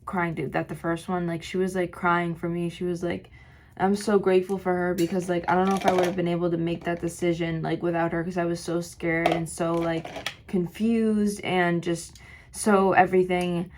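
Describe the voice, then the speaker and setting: Woman vlogger, low gravelly voice, slightly hoarse, rambling get-ready-with-me storytime, faint background noise. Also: little pitch movement, normal speed, a little mellow. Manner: rambling, filler-heavy storytelling. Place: home, doing makeup.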